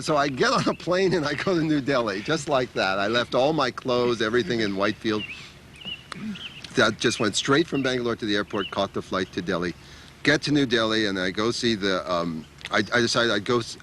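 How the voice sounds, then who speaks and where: An older American man telling a personal story to a group in a casual, animated way, laughing often and acting out the people he quotes. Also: fairly low pitch. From United States. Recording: noisy room ambience.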